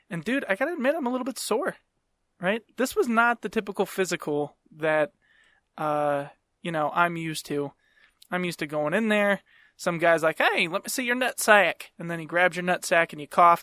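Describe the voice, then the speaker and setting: Brief: young man, slightly high voice, swearing casual storyteller, dry close mic. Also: a bit bright, dry recording. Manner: profane, rambling, self-mocking. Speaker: podcast host.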